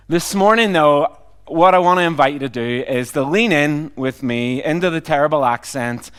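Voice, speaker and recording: A man's voice: fairly high pitch, moderate pace, a bit bright, smooth. A middle-aged man from Northern Ireland with a Northern Irish accent tinged by Canadian and Australian, preaching a sermon as a visiting pastor in a humorous, self-deprecating, conversational way. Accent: Northern Irish, mixed with Canadian and Australian.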